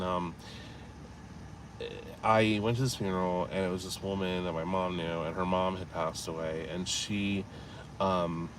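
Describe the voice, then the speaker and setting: A man's voice: low-pitched, a little hiss or hum. Rambling man vlogging outdoors. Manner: rambling, storytelling, swears casually. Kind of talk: casual walking vlog with live chat. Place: outdoors in city streets and alleys.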